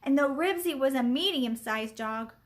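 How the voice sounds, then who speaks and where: A woman reading a children's book aloud, expressive and deliberate. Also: high-pitched. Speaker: story reader.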